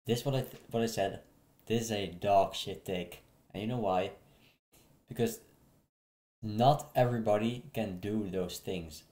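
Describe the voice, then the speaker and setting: A man's voice: fairly low pitch, measured pace, pauses often, warm tone. A man reacting to a clip and arguing back in a blunt, profane way. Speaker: reaction streamer. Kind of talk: casual reaction commentary. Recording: roomy echo.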